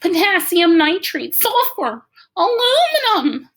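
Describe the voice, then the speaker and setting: A woman voicing an excitable, brainy young boy who shouts in a high voice. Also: takes it slowly, heavily acted. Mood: excited.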